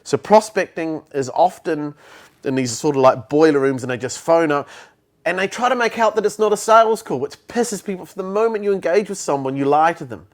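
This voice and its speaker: A man's voice: on the high side, lively intonation, fairly quick. A man, a sales trainer talking bluntly in an interview and acting out phone calls. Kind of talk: conversational interview.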